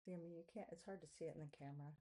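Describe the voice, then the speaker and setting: A woman talking to camera as she paints, musing aloud in a soft, unhurried way. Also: low-pitched, steady tone, low-quality recording. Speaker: artist vlogger. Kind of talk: casual art-making vlog, talking to camera.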